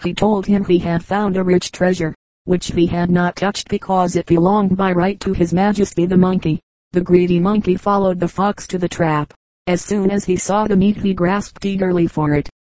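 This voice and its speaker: Mellow-voiced woman reading fables. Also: on the low side, steady tone, moderate pace, no echo, poor audio. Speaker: audiobook narrator. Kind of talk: scripted narration of fables.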